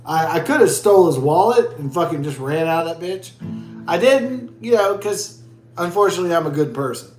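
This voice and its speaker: A man's voice: fairly high pitch, expressive, a little fast, darkish tone, roomy sound, soft background music. A man vlogging as he drinks a beer, telling a rambling story in crude, profane, rambling talk.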